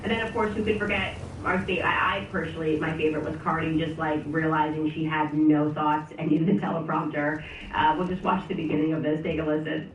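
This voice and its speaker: A woman's voice: deep voice, little pitch movement, fairly quick, reverberant, far from the mic, slight background noise, poor audio. A woman giving sarcastic political commentary between played clips. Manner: sarcastic, mocking.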